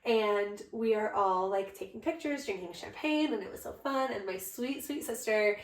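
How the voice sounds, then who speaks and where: A young adult woman co-hosting a podcast, telling a story in a casual, animated way and jumping up high when she quotes herself. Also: moderate pace. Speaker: podcast co-host, bride. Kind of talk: casual chat. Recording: echoey room.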